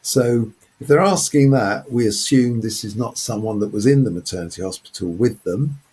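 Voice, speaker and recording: A man's voice: fairly low pitch, moderate pace, a little mellow, slightly rough. A man presenting a close reading of a novel, talking through passages in a hesitant way with many fillers. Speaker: literature presenter. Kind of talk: unscripted close-reading commentary.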